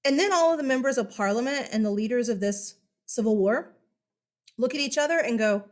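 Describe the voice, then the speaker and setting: A woman's voice: a little high, fairly quick, a little mellow. A woman teaching a history lesson in a casual, chatty way, asking rhetorical questions and calling her listeners guys. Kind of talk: casual classroom lecture.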